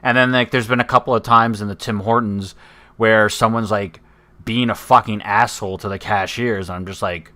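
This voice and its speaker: A man's voice: lowish voice, steady tone, moderate pace, bright, forceful tone. A man, co-hosting a podcast in casual, rambling, profane chat that often trails off into mumbles. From Canada. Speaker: podcast co-host.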